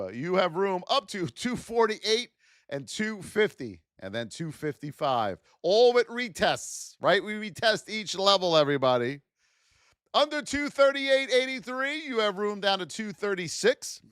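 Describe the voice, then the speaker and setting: A man hosting a live trading stream, calling price levels with energetic, hype-filled, sing-song talk. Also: high-pitched, measured pace, smooth, no room sound, clean studio sound. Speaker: trading livestream host. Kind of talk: live market commentary.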